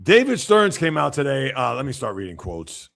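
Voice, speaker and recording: A man's voice: medium pitch, very animated, normal speed, creaky, fairly bright tone. A man hosting a casual sports livestream, giving blunt opinions and reacting to viewer comments. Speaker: sports show host.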